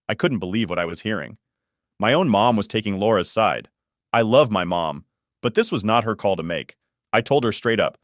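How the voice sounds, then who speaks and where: Man, low voice, dry close sound, casual exasperated storytelling narration. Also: expressive, moderate pace, dry recording. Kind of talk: first-person story narration.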